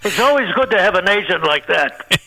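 A man's voice: high-pitched, expressive, a little fast, creaky, sharp tone, rough recording. An older man, a comedian being interviewed, telling rambling anecdotes and laughing at his own punchlines. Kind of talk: anecdotal storytelling.

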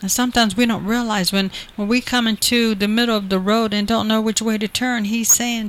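A woman's voice: fairly high pitch, steady tone, fairly quick, few pauses. A woman preaching a sermon, earnest and repetitive, building emphasis through quoted promises.

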